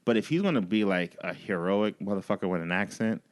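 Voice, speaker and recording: Man, podcast co-host, low voice, casual studio chat, loose and profane, restarts often. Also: animated, fairly quick.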